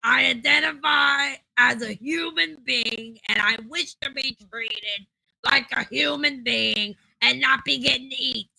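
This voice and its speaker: A woman's voice: high-pitched, moderate pace, vocal fry, bright, forceful tone, no echo, heavily acted, poor audio. A woman playing a flustered dog-like man in an improvised comedy bit, stumbling over words, swearing and getting exasperated.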